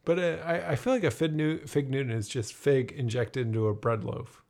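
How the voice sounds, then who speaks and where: A man's voice: medium pitch, fairly even intonation, a little fast, creaky, darkish tone. A man co-hosting a casual podcast from a kitchen, playful and teasing. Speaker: podcast co-host. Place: home kitchen.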